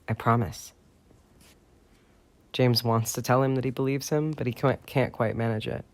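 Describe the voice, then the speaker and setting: Brief: male audiobook narrator, expressive reading with casual asides, dry close mic. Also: medium pitch, a little fast, no echo. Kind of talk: fan fiction audiobook reading.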